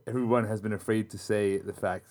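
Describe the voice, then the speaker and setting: A man's voice: on the low side, steady tone, brisk, a little mellow. A man on a podcast panel, giving opinionated, contrarian takes in casual chat.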